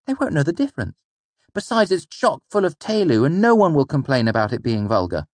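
A man voicing a proud young boy from a traveling troupe, speaking with sharp, indignant retorts. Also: on the high side, sing-song, fairly quick, no echo, voice pushed up. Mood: eager.

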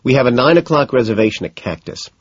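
A man's voice: mid-range voice, very animated, quick pace, slightly rough, no echo, dull audio, voice pushed up. A man reading an audiobook who voices a smug, offhand young male friend on the phone. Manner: wry, offhand.

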